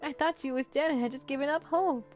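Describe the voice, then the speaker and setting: Woman reading game narration, a bit high, expressive, laughs between lines, faint game music behind. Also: quick pace. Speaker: let's-play co-host reading a visual novel aloud. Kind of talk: reading a game script aloud and chatting.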